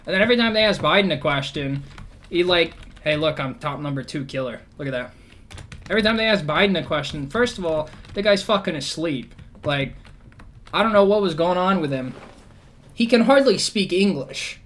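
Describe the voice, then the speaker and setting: A man's voice: sits high, animated, fairly quick, fairly bright tone. A man ranting in a casual, rambling way, swearing often and full of sarcasm. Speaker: vlogger. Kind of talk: casual rant.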